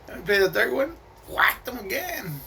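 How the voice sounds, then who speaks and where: A man's voice: extremely high pitch, very animated, moderate pace, vocal fry, bright, forceful tone, slight background noise. A man telling a personal story casually, streetwise and profane, with slang and Spanish words mixed in.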